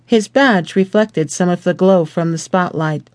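Slow, measured male audiobook narrator. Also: high voice, dry recording. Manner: slow, measured, deliberate reading.

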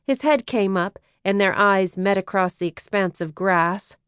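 A woman narrating a romance audiobook in a measured, even storytelling manner, lifting her voice lightly on questions. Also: medium pitch, clean tone, no echo, studio quality.

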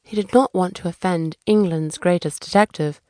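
A woman narrating a children's audiobook in a clear, measured storytelling manner. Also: lowish voice, a little mellow, no room sound, clean studio sound.

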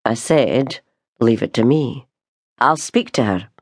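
A woman voicing a weary, patient middle-aged male baker with a Scottish accent, speaking low, calm and curt. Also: slow, no room sound, studio quality, exaggerated voice.

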